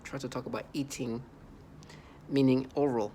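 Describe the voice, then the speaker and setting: Mellow and mid-range, with fairly even intonation, this man speaks at normal speed over a little hiss or hum. His vlog is an agitated, rambling monologue that keeps restarting and repeating words, broken by disbelieving laughter.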